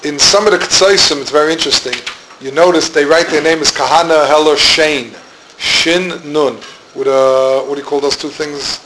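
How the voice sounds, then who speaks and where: A man's voice: fairly high pitch, fairly even intonation, normal speed, sharp tone. Rambling man teaching a Talmud class. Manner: rambling, searching for words, mixes Hebrew and Yiddish terms. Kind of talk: informal Talmudic lecture. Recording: noisy room recording.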